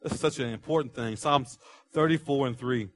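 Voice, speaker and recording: A man preaching a sermon, animated, building rhythm with repeated phrases and acting out quoted voices. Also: medium pitch, brisk, soft background music. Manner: animated preaching, acts out quotes with rising volume. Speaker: pastor.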